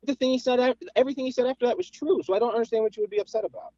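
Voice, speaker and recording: A man's voice: very high-pitched, expressive, rapid-fire, mellow, no room sound. A man calling in to a podcast by phone, debating casually and insisting on precise terms. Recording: dull lo-fi phone line.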